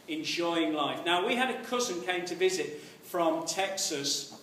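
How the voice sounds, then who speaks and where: Guy preaching, tells a funny story, kinda high voice, echoey church, mic far off. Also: animated, a little slow, a little hiss or hum. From Ireland. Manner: storytelling, gently humorous. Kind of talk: sermon.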